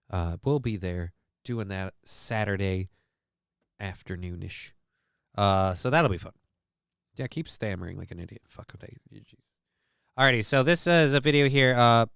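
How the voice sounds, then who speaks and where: A man's voice: medium pitch, fairly bright tone, clear, resonant tone, dry recording, studio quality. A man hosting a livestream, chatting casually, cracking crude jokes and reading chat aloud. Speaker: livestream host.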